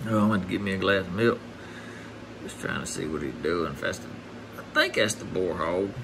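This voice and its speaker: A man's voice: low-pitched, fairly quick, noisy background. A man narrating a casual outdoor vlog as a hog trapper, chatting in a folksy way with asides to his viewers. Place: outdoors near a house.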